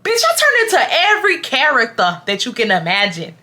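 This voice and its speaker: A woman in her twenties from Houston, Texas, telling a storytime to her viewers in an animated, casual way and acting out loud quotes. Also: high-pitched, a little fast. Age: 20s. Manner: addresses viewers as y'all. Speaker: storytime vlogger.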